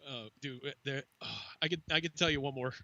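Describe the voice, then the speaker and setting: A man's voice: medium pitch, brisk, vocal fry, muffled recording. A man on a podcast telling a casual, profane story, acting out the voices of the people in it. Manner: animated, swearing, acts out quoted voices. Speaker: podcast co-host.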